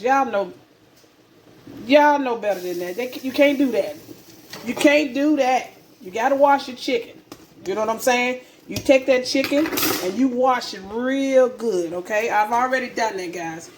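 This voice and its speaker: A chatty woman talks viewers through a home-cooked meal in her kitchen. Her voice sits a little high, and she repeats herself and calls her audience family. A faint hum of the room lies behind her. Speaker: cooking channel host. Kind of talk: casual cooking vlog.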